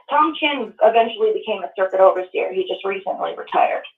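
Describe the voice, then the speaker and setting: A woman from Minnesota calling in to a show, telling her story in a halting, emotional way. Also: a little high, lively intonation. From Minnesota, USA. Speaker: caller. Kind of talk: call-in testimony. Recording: distant tinny phone line.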